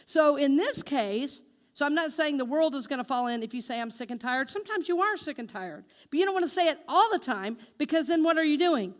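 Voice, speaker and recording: A woman minister preaching with a high, bright voice. She asks her congregation questions and waits for them to answer. She speaks her affirmations slowly and with care. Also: expressive. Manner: engaging the congregation with call-and-response questions; slow, deliberate spoken affirmations. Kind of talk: sermon.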